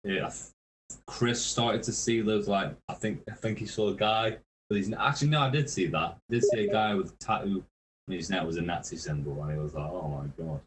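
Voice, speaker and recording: A man's voice: lowish voice, brisk, background noise. A man, a guest musician, telling tour stories casually, swearing a lot and laughing mid-sentence. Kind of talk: casual storytelling.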